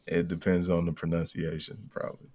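Low-voiced man in his thirties. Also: completely flat delivery, a little fast, warm tone. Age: 30s. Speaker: quiz contestant. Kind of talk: casual podcast banter.

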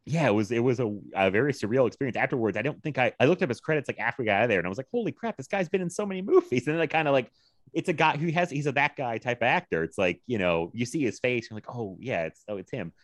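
Lively, laughing man telling stories. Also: medium pitch, racing, no echo. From Virginia, US. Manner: animated storytelling, laughs often, quotes people in lively voices. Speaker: podcast co-host. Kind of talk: casual chat.

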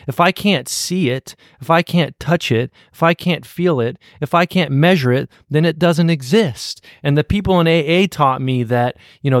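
A man's voice: mid-range voice, no echo, clean studio sound. A man speaking as a guest in recovery, sharing earnestly and repeating words as he thinks. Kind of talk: reflective personal sharing.

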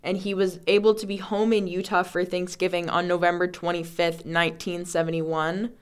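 A young woman co-hosts a casual podcast, walking through a true-crime case. Her voice sits on the low side and sounds smooth and clear. She riffs with her co-host and laughs often. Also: level tone, normal speed. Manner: laughs often, jokey riffing. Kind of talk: casual chat.

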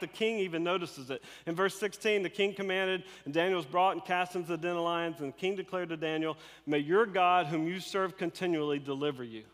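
A man preaching a sermon, telling a Bible story in an animated, conversational way and acting out the characters. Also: a little high, big-room sound. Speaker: pastor.

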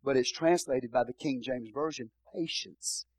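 A man's voice: mid-range voice, moderate pace, darkish tone, slightly rough, dry recording, low-quality recording. A male pastor preaching a sermon in a church, repeating phrases and calling out hallelujah.

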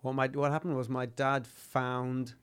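A man from England, a podcast guest, speaking in a halting, self-deprecating way with many restarts. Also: mid-range voice, flat delivery, clean tone. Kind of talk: casual podcast chat.

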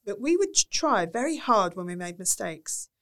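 A woman talks through an interview in an animated, storytelling way, jumping into other people's voices as she goes. Her voice sits in a middle range. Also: medium pitch, normal speed. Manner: animated, acts out quotes in varied voices. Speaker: guest, former reality TV producer and speaker. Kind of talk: casual interview chat.

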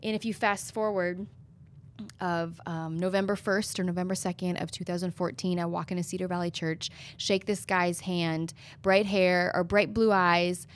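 A young woman with a fairly low voice tells her story in an earnest, preaching manner. She speaks as a guest in an interview. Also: flat delivery, normal speed. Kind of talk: testimony in an interview.

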